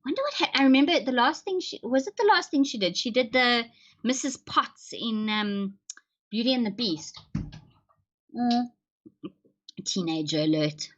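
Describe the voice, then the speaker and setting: A woman's voice: on the high side, expressive, measured pace, pauses often. A woman chatting casually with viewers on her livestream, joking and laughing often. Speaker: livestream host. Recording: dull lo-fi stream audio.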